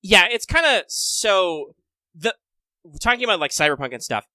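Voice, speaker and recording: A man with a bright, forward voice chats casually as a podcast co-host. His talk is animated and full of swearing. The sound is dry and close, with no room. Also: sits high, no echo. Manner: animated, swearing, quick impressions. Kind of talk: casual chat.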